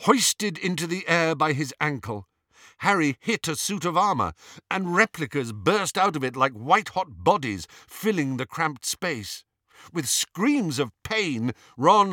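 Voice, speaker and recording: A man reads a fantasy story aloud with dramatic suspense. His voice sits a little high and moves a lot, with a bright edge. The sound is close and dry. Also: no echo. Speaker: audiobook narrator. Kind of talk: scripted storybook narration.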